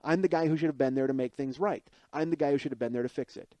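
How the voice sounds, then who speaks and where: A man's voice: mid-range voice, fast, dark tone, no room sound. A man in his forties, a podcast host, telling a comic personal story in a profane, rambling, self-deprecating monologue. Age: 40s.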